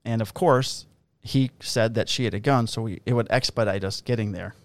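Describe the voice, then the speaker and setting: Smooth-voiced cop telling profane stories. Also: male voice, on the low side, moderate pace, dry recording. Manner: profane, laughing anecdote-telling. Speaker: police officer. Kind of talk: casual storytelling on a podcast.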